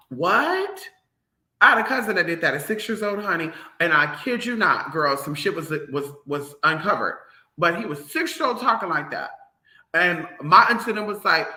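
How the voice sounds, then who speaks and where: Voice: mid-range voice, animated, moderate pace, bright, forceful tone, reverberant. A vlogger ranting to the audience in a sassy, profane, emphatic way. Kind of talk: ranting commentary to camera.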